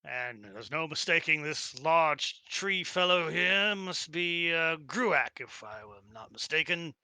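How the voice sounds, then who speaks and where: A man narrates a tabletop game and rants casually between scenes, animated and quick to swear. His voice sits high and bright. The sound is dry and close to the mic. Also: clear, resonant tone, dry recording. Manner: animated, excitable, swears freely. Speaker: game master.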